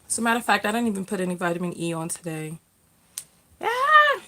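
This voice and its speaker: A woman's voice: fairly low pitch, very fast, fairly bright tone. A middle-aged woman hosting a casual livestream, reading out viewer comments in a chatty way with lots of fillers and restarts. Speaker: livestream host, self-love coach.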